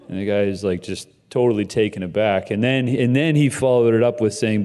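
A man with a very deep, dark and mellow voice tells a story to his church group. He acts out each person he quotes in it. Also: normal speed. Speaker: group member telling a story.

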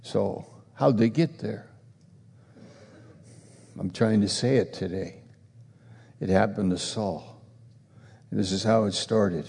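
A man's voice: low-pitched, gravelly, warm tone, husky, long reverb tail. A man preaching a sermon, repeating phrases and building to emphatic, challenging questions. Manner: repetitive, emphatic preaching that swells into rhetorical challenges.

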